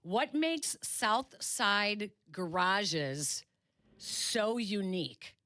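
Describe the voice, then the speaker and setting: Brisk woman quizzing a guest. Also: mid-range voice, very animated, bright, forceful tone, no room sound. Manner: brisk, playful quizmaster. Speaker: radio host. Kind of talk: casual sports talk interview.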